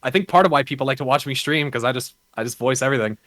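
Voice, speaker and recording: A man's voice: medium pitch, very fast, fairly bright tone, no room sound. A man chatting casually as a podcast guest and game streamer, rambling and swearing freely. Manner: rambling, loose and profane, with many restarts.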